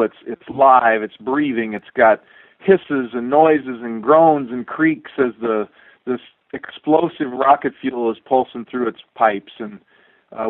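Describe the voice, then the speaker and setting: A middle-aged man, a former astronaut, telling a relaxed, wry anecdote with a dry sense of humor and many fillers. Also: mid-range voice, no room sound. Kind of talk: storytelling anecdote. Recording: tinny dry phone-like line.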